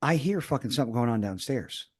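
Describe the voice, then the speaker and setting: A man's voice: medium pitch, lively intonation, quick pace, a little mellow, husky. A man in his thirties, a podcast host, telling a rambling story in casual chat and swearing often.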